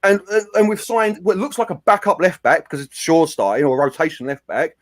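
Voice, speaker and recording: A man's voice: fairly high pitch, fairly quick. A man ranting heatedly on a fan podcast panel. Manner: animated, ranting, slips into mimicking quotes.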